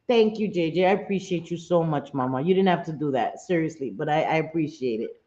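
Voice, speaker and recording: A woman's voice: fairly low pitch, a little fast, mellow. A middle-aged woman chatting casually on a live stream, laughing often, cursing freely and answering her viewers directly. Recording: roomy, slightly dull sound.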